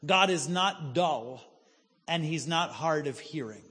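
A man preaching in a church sanctuary, his fairly high voice carrying with a long reverb tail. He keeps asking the congregation rhetorical questions. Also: lively intonation, slow pace, fairly bright tone, slightly rough. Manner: tells a joke story with acted voices. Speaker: pastor. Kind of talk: sermon. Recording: reverberant hall.

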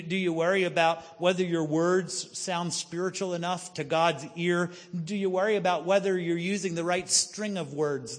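A male pastor preaching a sermon to a congregation, asking a string of rhetorical questions and telling a joke story. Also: a little high. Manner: tells a joke story with acted voices. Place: church sanctuary. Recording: reverberant hall.

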